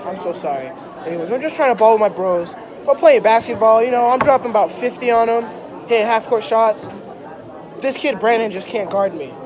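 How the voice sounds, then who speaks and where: A man's voice: high voice, fairly quick. Young male comic storyteller, exaggerated and mock-dramatic, performing for a live crowd. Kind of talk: comedic storytelling to an audience. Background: crowd, laughter.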